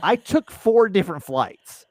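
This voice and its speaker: A man's voice: high-pitched, measured pace. A man hosting a podcast, telling a rambling story in a casual, swearing way. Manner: animated, rambling, swears and laughs. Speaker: podcast host.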